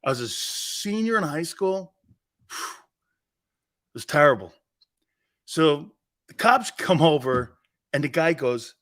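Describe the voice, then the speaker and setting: A man's voice: fairly high pitch, big pitch swings, takes it slowly, long pauses, a bit bright. A man hosting a sports talk show, telling stories in a boisterous, casual way, laughing often and swearing freely. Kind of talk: casual chat and storytelling.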